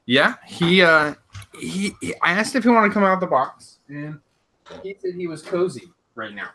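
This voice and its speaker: A man's voice: high voice, expressive, normal speed, sharp tone, slight background noise. A man co-hosting a casual live chat, playful and sarcastic, chuckling as he talks. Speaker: podcast co-host.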